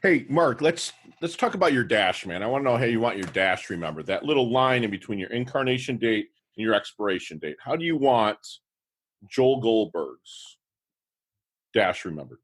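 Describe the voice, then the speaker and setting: A man in his fifties hosting an interview podcast, enthusiastic and quick to affirm his guest. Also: mid-range voice, lively intonation, husky. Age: 50s. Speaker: podcast host. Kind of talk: casual interview chat.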